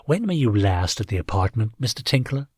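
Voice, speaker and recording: Man reads alien interrogator, measured and probing. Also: on the low side, very animated, darkish tone, husky, no room sound, clean studio sound. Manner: careful, questioning. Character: wide-eyed alien police officer, probing.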